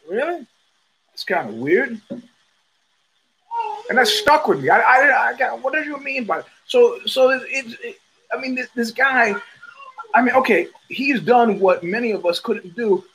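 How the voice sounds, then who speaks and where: A man's voice: extremely high pitch, fairly bright tone, a little hiss or hum, low-quality recording. A middle-aged man hosting a podcast, talking in a profane, rambling casual monologue full of restarts. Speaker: podcast host.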